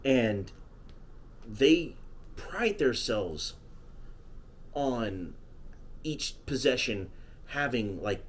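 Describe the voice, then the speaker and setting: A man's voice: mid-range voice, lively intonation, very slow, long pauses, breathy edge. A man co-hosting a podcast, talking casually and at length about basketball coaching. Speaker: podcast co-host. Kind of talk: casual sports chat.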